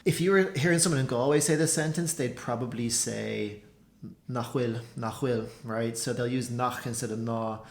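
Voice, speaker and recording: A man talks through a language lesson in a relaxed, rambling way, dropping "like" and "so" into nearly every sentence. His voice sits at an ordinary middle pitch. The room around him gives it a noticeable echo. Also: normal speed, vocal fry, hardly any pauses. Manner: chatty, loose, full of "like" and "so" fillers. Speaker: language teacher. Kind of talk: casual explanatory lesson.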